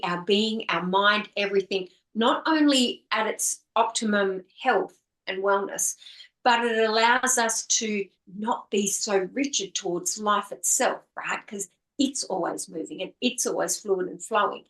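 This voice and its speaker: Woman, author guest, earnest flowing speech, mid pitch, echoey room. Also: measured pace, a bit bright. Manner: earnest, flowing, repeats words in lists. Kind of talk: reflective conversational interview.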